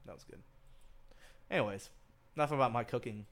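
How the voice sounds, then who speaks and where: A man's voice: mid-range voice, fairly quick, a bit bright. Rambling, swearing young man. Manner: rambling, swears a lot, laughs often, gets worked up telling stories. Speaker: podcast co-host. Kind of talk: casual chat.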